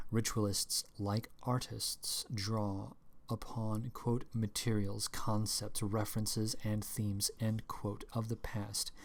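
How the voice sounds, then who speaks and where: A man's voice: lowish voice, creaky, a little mellow. A man reading passages from a book aloud in a casual stream, breaking off with wry, meandering comments of his own. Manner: meandering, with fillers and restarts. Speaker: podcast host reading aloud.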